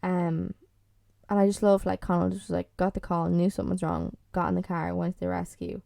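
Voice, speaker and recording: A woman's voice: lowish voice, flat delivery, brisk, gravelly, warm tone, dry recording. A woman hosting a podcast, chatting casually and bluntly, swearing freely and filling her talk with "like" and "um". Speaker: podcast host. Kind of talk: casual solo chat reviewing a TV series.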